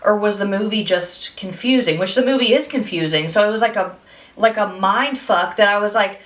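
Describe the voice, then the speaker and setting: A young woman chats through a movie review with animated, profane storytelling. Her pitch sits in the middle range. The room gives her voice a noticeable echo. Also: normal speed. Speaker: podcast co-host. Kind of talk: casual movie review chat.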